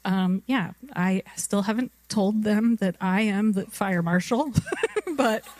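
Woman preacher, thirties, mid pitch, dry close sound. She tells stories casually and laughs through them. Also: slow pace, a little mellow, dry recording. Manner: chatty storytelling, laughs often. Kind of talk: anecdote in a sermon.

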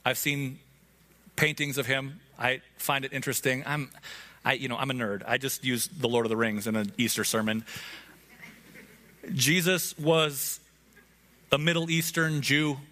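Pastor, male, mid-pitched, earnest conversational sermon delivery to a congregation. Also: fairly even intonation, unhurried, long pauses, bright, forceful tone. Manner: earnest, conversational preaching with direct address. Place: church hall before a congregation.

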